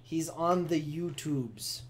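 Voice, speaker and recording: A man streaming live, reading a manga aloud and breaking off into sarcastic, ranting commentary. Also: on the high side. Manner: ranting, sarcastic, quick to joke.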